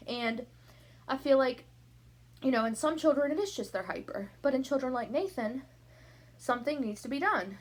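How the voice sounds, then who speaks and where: A young woman chatting to camera from her room at night, a little out of breath, rambling from topic to topic. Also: fairly high pitch. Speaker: vlogger. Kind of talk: casual chat to camera. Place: bedroom at home, at night.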